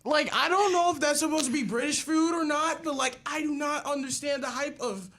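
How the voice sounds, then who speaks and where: A man's voice: a little fast, slight background noise. A man hosting a college radio show, chatting casually with a guest and mostly offering short replies. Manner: short back-channel replies, lively pitch. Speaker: radio host. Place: radio studio.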